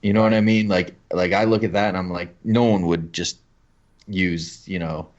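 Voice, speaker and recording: A man's voice: low voice, steady tone, normal speed. A man co-hosting a comic book podcast, rambling casually and swearing. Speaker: podcast co-host. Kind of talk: casual chat. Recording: dull lo-fi audio.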